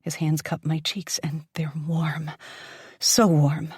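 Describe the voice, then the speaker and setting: A woman narrating a dark romance audiobook in the first person, intense and dramatic, often dropping to a whisper. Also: sits low, little pitch movement, slow pace, breathy edge, no echo, clean studio sound.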